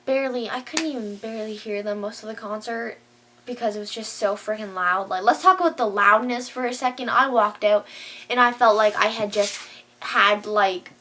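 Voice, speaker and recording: A woman's voice: medium pitch, normal speed, sharp tone, a little hiss or hum. A woman vlogger chatting casually to camera, gushing and filling her talk with "like". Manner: gushing, says "like" a lot.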